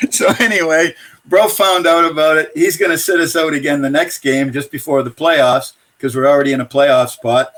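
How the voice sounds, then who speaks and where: A man's voice: a little high, fairly even intonation, normal speed, fairly bright tone. An older man, a former pro hockey player and coach, telling casual anecdotes and chuckling between them. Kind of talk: casual storytelling.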